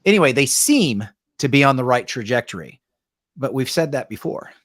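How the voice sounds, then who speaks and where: A man's voice: medium pitch, big pitch swings, normal speed, fairly bright tone, no room sound. Dry-sounding man breaking down paintball teams. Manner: conversational, tag questions, frequent fillers. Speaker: paintball coach and show panelist. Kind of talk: casual podcast analysis.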